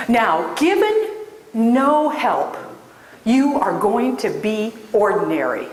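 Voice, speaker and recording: Woman keynote speaker, slow deliberate delivery, emphatic storyteller, roomy echoing hall. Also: a little high, sing-song. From Des Moines, Iowa. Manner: emphatic, storytelling, addresses audience. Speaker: career coach and speaker. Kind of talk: keynote speech. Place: large hall before an audience. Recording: roomy hall with long echo.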